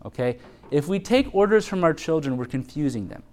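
An earnest male preacher talks through a sermon in a loose, conversational way, restarting phrases and laughing lightly. His voice sits a little high for a man. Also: lively intonation, fairly quick, darkish tone. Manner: shifts into high mock voices quoting mothers. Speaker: pastor. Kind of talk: sermon on parenting.

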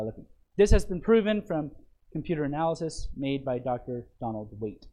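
A man's voice: on the high side, a little mellow, poor audio. A man, a pastor teaching from a sermon outline, often checking in with his listeners and repeating phrases. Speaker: pastor teaching a Bible lesson.

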